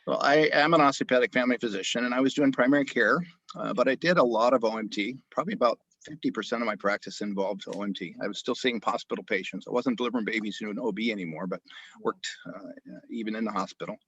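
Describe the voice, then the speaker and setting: A man, an osteopathic family physician, telling an animated story in an interview, full of restarts. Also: on the low side, quick pace, no room sound, dull audio. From grew up in Japan.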